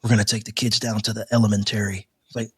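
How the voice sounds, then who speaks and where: A man co-hosting a podcast in casual chat, talking in stammering restarts and getting animated as he makes a point. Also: on the low side, very fast, slightly rough, no echo. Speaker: podcast co-host.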